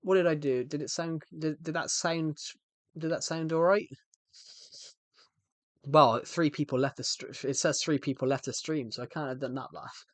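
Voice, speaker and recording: A man's voice: on the high side, fairly even intonation, normal speed, no room sound. Rambling man streaming. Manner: rambling, self-interrupting, jokey. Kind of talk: casual live-stream chat.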